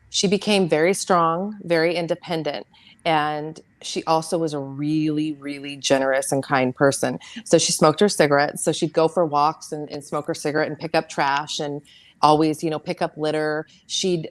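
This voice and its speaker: A woman with a low, deep voice shares a painful family story. She is a guest on an interview show, and her speech is halting and full of restarts. The recording is dry and close, with no room sound. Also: no room sound. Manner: halting and emotional, with many fillers and restarts. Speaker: podcast guest.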